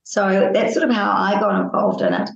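A woman from New with a slightly croaky voice, telling stories chattily as a radio interview guest. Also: medium pitch, huge pitch swings, normal speed, highs cut off. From New Zealand. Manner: chatty storytelling. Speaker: guest, cat charity founder. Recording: roomy echo.

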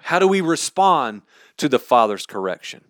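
A man's voice: mid-range voice, sing-song, moderate pace, fairly bright tone, dry recording, studio quality. A man preaching a sermon series in an earnest, conversational way. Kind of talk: sermon teaching.

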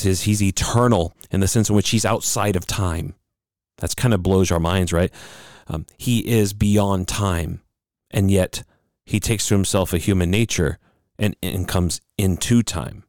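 A man preaching a sermon in an unhurried teaching manner, pausing with fillers and asking rhetorical questions. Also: low voice, darkish tone, no echo, studio quality. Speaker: pastor. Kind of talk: sermon with quoted reading.

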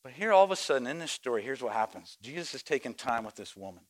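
A male pastor preaching a sermon. He acts out the voices of people in the story and swings between quiet reflection and loud, shouted exhortation. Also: medium pitch, sing-song, fast. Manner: acts out voices of story characters and church members.

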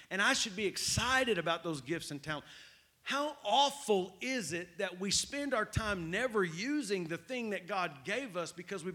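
A male pastor preaches with energy and keeps checking in with his listeners. His voice sits a bit higher than most men's. He repeats his main points for emphasis. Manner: animated, repetitive preaching with call-outs to the crowd. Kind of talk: sermon.

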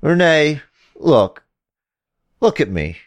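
A man's voice: a little high, very animated, slow, no echo, pitched above the performer's own voice. A man doing a cocky, insistent male wrestler. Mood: defiant.

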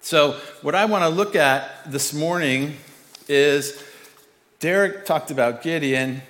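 A man giving a conversational, storytelling sermon with an animated delivery and self-deprecating chuckles. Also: a little high, big-room sound.

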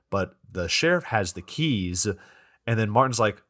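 A podcast co-host gives a casual recap of a bad film, cursing freely and performing the characters' lines in quoted voices. His voice is lowish and a bit bright, and he talks quickly.

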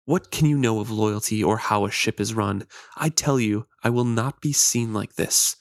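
A man reading aloud the lines of a proud, wounded and paranoid male pirate captain from a novel, with a low voice and only light voicing. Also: normal speed, creaky, dry recording. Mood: scornful.

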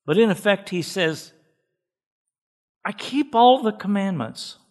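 Male pastor, emphatic sermon delivery, somewhat high-pitched voice, repeats words for weight. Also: animated, takes it slowly. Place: church.

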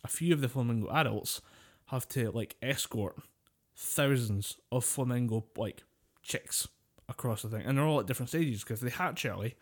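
A man's voice: mid-range voice, moderate pace, slightly rough. A man co-hosting a casual podcast, telling a story with a lot of swearing and laughter. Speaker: podcast co-host. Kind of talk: casual chat.

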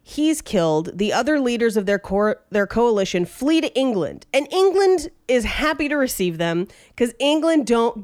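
A woman's voice: fairly high pitch, moderate pace, hardly any pauses, dry recording, studio quality. A woman co-hosting a podcast, chatting casually with swearing and reading an ad. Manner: lively, irreverent, swears freely. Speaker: podcast co-host. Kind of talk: casual chat and read ad.

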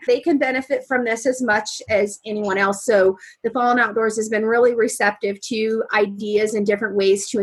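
A woman guest on a casual podcast, an animated storyteller who keeps adding "right?" and "you know". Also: medium pitch, husky. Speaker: guest, veteran fishing trip volunteer.

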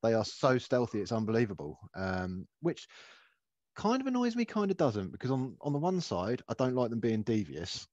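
A man in casual chat, rambling and poking fun at himself. His voice has a middle pitch. The recording is slightly dull and lo-fi, and the sound is dry. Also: huge pitch swings, normal speed, a little mellow, no echo. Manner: rambling, self-deprecating. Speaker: podcast co-host.

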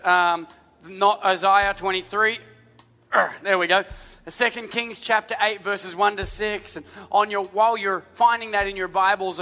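A man preaching a sermon as lead pastor, energetic and calling out to the congregation. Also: high-pitched. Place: large church hall with music. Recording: live church hall with long reverb.

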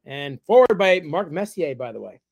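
Wry, animated middle-aged male author. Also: fairly high pitch, moderate pace, gravelly, no room sound. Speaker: guest author. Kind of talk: casual interview chat.

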